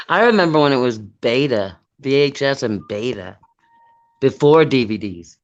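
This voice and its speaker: A man's voice: medium pitch, measured pace. A middle-aged man telling a story in casual chat. He acts out the other people's voices as he goes. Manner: animated, mimics voices in anecdotes. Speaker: live stream participant. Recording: dull lo-fi stream audio.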